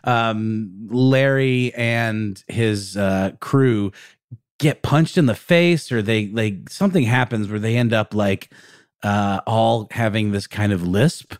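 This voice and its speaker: Male podcast co-host, low voice, dry close mic, loose chatty storyteller. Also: takes it slowly, smooth, no echo. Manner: rambling, many fillers and restarts. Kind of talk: casual storytelling chat.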